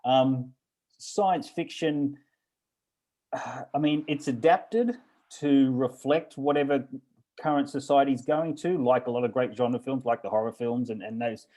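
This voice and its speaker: A man's voice: mid-range voice, fairly even intonation, mellow, poor audio. Older man, thoughtful festival director. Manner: thoughtful, measured, with fillers. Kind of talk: casual interview chat.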